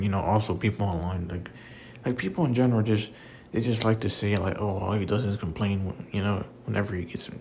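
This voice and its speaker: A young man rants casually to his audience in a lowish voice, circling back to the same complaints with plenty of fillers and restarts. He sounds exasperated throughout. A faint hiss sits under the recording. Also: a little mellow, rough recording. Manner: frustrated, repetitive, many fillers. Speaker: wrestling commentator. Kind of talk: casual rant to camera.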